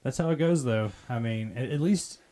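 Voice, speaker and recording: A man co-hosting a podcast in casual chat, joking and reacting to stories with quick laughs. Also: medium pitch, dark tone. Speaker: podcast co-host.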